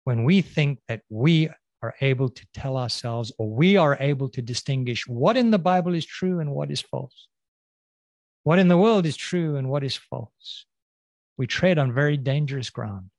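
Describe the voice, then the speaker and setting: A man preaching a sermon, pressing the listeners with repeated questions and slowing down to stress key words. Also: medium pitch, expressive, darkish tone, no echo. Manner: questioning, emphatic, slows and drops on key words.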